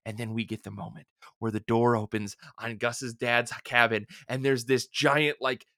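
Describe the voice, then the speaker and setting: A man's voice: mid-range voice, normal speed, no echo, clean studio sound. A man co-hosting a podcast, talking casually and animatedly as he recaps a TV episode and acts out bits of dialogue. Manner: animated, retells scenes with quoted voices. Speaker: podcast co-host.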